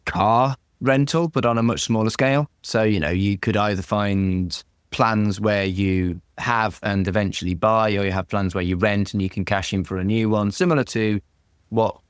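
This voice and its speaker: A man co-hosting a podcast, explaining things in a calm, measured way. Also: on the low side, smooth, no echo, clean studio sound. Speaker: podcast co-host. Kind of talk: casual podcast chat.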